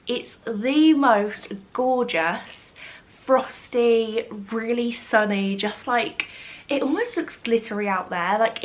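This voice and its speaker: A young woman chatting warmly in a cozy vlog, a bit nasal and short of breath from a cold. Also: a little high. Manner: gushing and affectionate, many "like"s. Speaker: vlogger. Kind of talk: cozy casual vlog chat.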